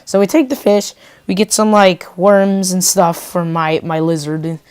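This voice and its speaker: A woman's voice: on the low side, fairly even intonation, measured pace, darkish tone, clean tone, dry recording. A woman telling a casual storytime vlog, rambling with lots of "like" and joke asides. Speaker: vlogger.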